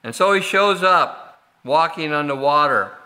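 A male pastor delivering a sermon at an unhurried, measured pace. His voice is strikingly bright and forward, sitting a little high for a man. He talks it through plainly, pausing often with small fillers. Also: expressive. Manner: slow, deliberate preaching with frequent fillers.

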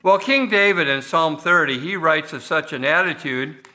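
A man's voice: a little high, moderate pace, pushed and bright. A man preaching a sermon as pastor of a church, talking conversationally with frequent restarts and fillers.

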